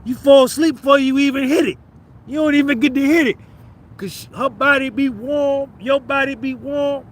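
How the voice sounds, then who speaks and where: High-voiced profane New Jersey man. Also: moderate pace, slight background noise. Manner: profane, rambling, banters with chat. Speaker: livestream host. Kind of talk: casual livestream chat with viewers.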